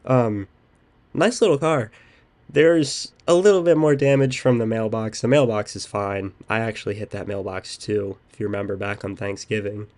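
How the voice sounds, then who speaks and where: A man's voice: on the low side, normal speed, darkish tone. A young man hosting a podcast, telling a story in casual chat with lots of ums. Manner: rambling storytelling with many "um"s. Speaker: podcast host.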